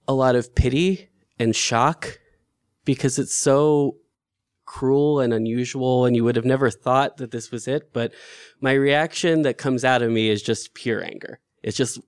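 A man's voice: medium pitch, measured pace, clear, resonant tone, no room sound, studio quality. A man telling a personal story in a candid, conversational way, with filler words and restarts.

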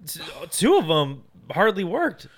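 A man co-hosting a casual film discussion, chiming in with quick agreement and his own points. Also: high-pitched, wildly swooping pitch.

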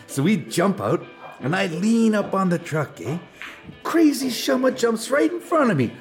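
An actor with a Canadian accent playing a joking, rambling unemployed drinking buddy in a stage play. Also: male voice, sits high, big pitch swings, moderate pace, soft background music. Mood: storytelling. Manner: teasing, rambling storyteller.

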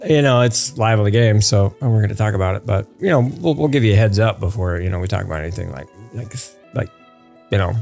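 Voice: medium pitch, quick pace, gravelly, darkish tone, faint music behind. A podcast host in casual chat, playful and full of fillers.

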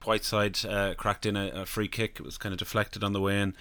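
Male co-host, very low voice, bright and smooth, casual recaps. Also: flat delivery, a little fast, no echo, soft background music. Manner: informal, recapping with fillers. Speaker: podcast co-host. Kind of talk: casual chat.

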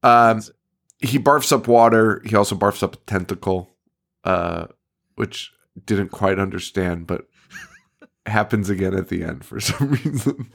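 Man, podcast co-host, casual chat, profane, laughs a lot, animated. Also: fairly low pitch, measured pace, creaky.

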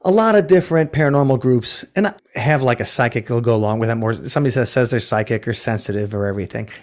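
A man's voice: medium pitch, fast talker. A man who runs ghost tours, telling a story in a casual interview, rambling and restarting, acting out what people said. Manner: rambling, self-correcting, acts out quotes. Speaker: ghost tour operator.

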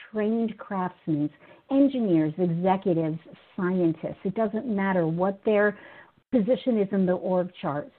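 A woman hosting a webinar, setting up the topic earnestly and introducing the speakers. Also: medium pitch. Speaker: webinar host. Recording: tinny phone-like audio.

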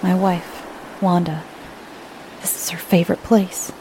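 A woman narrating a scripted first-person horror story in a slow, low, hushed voice that often drops to a whisper. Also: little pitch movement, a little hiss or hum.

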